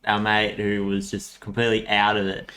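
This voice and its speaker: A man's voice: on the low side, monotone, normal speed, pushed and bright. A man co-hosting a podcast, chiming in with short casual reactions. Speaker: podcast co-host. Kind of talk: casual chat. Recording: roomy echo.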